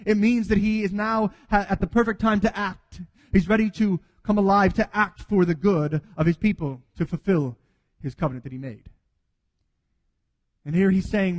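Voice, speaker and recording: A man's voice: high voice, steady tone, a little fast, in a large hall. A man preaching a sermon earnestly, acting out quoted dialogue as he goes. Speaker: pastor.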